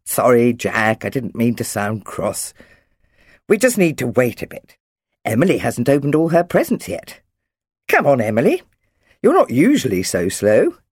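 A woman reading an audiobook voices a family father, gentle and a bit gruff. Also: sits low, wildly swooping pitch, moderate pace, no echo, clean studio sound, full character voice. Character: patient family dad, briefly cross.

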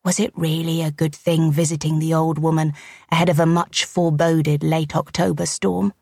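Audiobook narration: a woman, low and gravelly, measured and arch, dry close sound. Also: level tone, darkish tone, no room sound. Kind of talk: scripted narration.

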